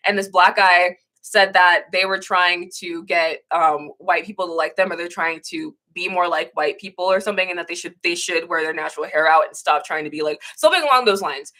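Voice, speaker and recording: Bright-voiced young woman ranting candidly. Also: on the low side, brisk, few pauses. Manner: candid, swearing, emotional rants; rambling with frequent restarts. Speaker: livestream host. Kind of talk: casual livestream chat.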